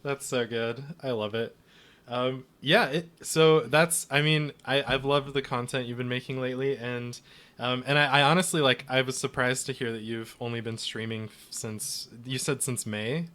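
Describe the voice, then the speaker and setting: A man's voice: mid-range voice, fairly even intonation, moderate pace, fairly bright tone. A man hosting a podcast interview in an easy, encouraging way, laughing often. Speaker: podcast host. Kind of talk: casual interview chat.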